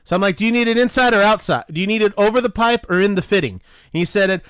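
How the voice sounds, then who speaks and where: In a casual podcast chat, a man with a high voice recounts a workplace story full of profanity, animatedly voicing the dialogue. He speaks at a quick pace, clear and resonant, in studio quality with no echo.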